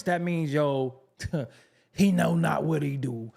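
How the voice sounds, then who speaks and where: Emphatic, slightly high-voiced man ranting. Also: slow, creaky, a little mellow, slightly rough. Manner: emphatic, profane and conversational, repeats phrases for effect. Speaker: commentary channel host. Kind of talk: opinionated commentary.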